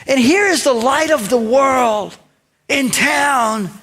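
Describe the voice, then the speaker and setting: A male pastor preaching a sermon in a lively storytelling way, acting out lines and talking directly to his congregation. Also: very high-pitched, takes it slowly, slightly rough. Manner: conversational asides to the congregation.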